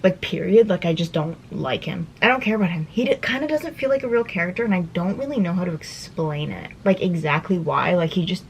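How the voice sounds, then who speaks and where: A woman's voice: lowish voice, lively intonation, a little fast, gravelly, hardly any pauses, slight background noise, low-quality recording. A young woman vlogging casually about her reading, chatty and rambling with lots of fillers, at home. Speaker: book vlogger. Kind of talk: casual vlog chat.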